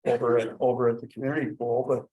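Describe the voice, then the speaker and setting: A man on a village board, speaking at a public meeting in a halting way with many restarts. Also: mid-range voice, little pitch movement, mellow, highs cut off. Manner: hesitant, many restarts and fillers. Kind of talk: meeting discussion.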